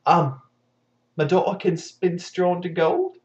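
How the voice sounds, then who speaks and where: A nervous, bumbling miller from a comic storybook retelling, hesitant and a little high, as a man puts him on. The sound is dull and lo-fi. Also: measured pace, a little mellow, reverberant. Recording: dull lo-fi recording.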